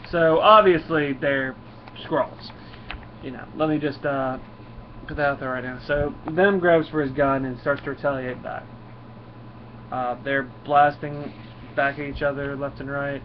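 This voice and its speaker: A man's voice: fairly high pitch, steady tone, normal speed, muffled recording, a little hiss or hum. A man casually reviewing a comic book, rambling with many fillers and reading the dialogue aloud. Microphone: camera mic.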